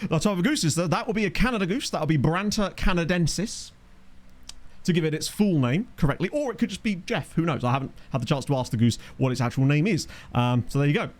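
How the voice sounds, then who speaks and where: A man's voice: on the high side, darkish tone. A man chatting casually while streaming a game, reading out and answering chat messages and laughing often. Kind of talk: casual live-stream commentary. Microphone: USB desk microphone.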